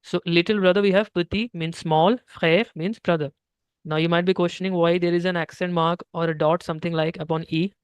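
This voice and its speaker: A man's voice: sits high, fairly even intonation, fairly quick, smooth, no room sound. A young man with an Indian English accent teaching French one-on-one, patiently explaining step by step and slipping into Hindi. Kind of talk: one-on-one language lesson.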